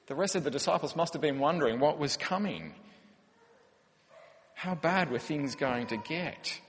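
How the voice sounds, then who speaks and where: A man's voice: on the high side, animated, moderate pace. Man preaching in a reverberant hall. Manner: earnest, conversational preaching with rhetorical questions. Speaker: pastor. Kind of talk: sermon. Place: church hall. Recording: long church-hall reverb.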